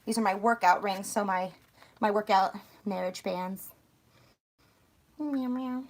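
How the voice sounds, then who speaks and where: A young woman from outside Philadelphia with a slight Philly accent, chatting casually and rambling on a livestream while she packs, a little hoarse. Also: mid-range voice, slow. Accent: Philadelphia area. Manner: chatty, rambling, self-mocking. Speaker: vlogger.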